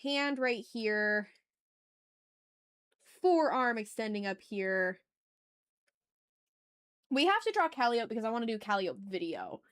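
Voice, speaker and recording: A woman's voice: on the high side, very animated, takes it slowly, pauses often, a bit bright, clean tone. A young adult woman streaming as she draws, chatting casually and talking through each step aloud, often apologizing with a laugh at herself. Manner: apologetic, self-deprecating asides. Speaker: art streamer. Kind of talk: casual chat while drawing live.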